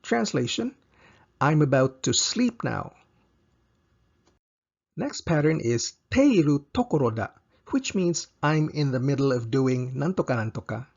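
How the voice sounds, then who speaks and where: A man's voice: medium pitch, lively intonation, measured pace, gravelly, pauses often, lo-fi sound. A man teaching a slide-based language lesson, explaining patterns step by step and repeating example sentences.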